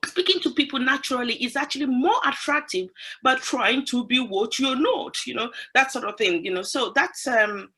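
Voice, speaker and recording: Bright-voiced woman workshop participant. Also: sits high, normal speed, husky. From London, England. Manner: hesitant start, then emphatic and persuasive. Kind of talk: conversational workshop discussion.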